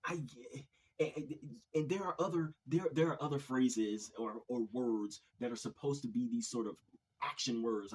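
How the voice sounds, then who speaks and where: Husky-voiced man, halting opinion commentary. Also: medium pitch, a little mellow, low-quality recording. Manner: hesitant, repeats words, frequent sighs. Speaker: video commentary host.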